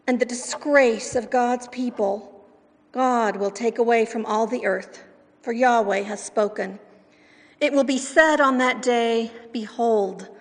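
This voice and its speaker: Woman pastor reading scripture slow and steady, bit high, gravelly, big echoey church. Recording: long reverb in a large hall.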